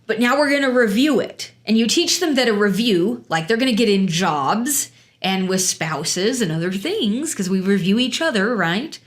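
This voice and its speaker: A woman's voice: medium pitch, lively intonation, normal speed. A woman, a mother of two, co-hosting a podcast and giving parenting advice emphatically, speaking straight to listeners. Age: adult, mother of two. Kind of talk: casual chat.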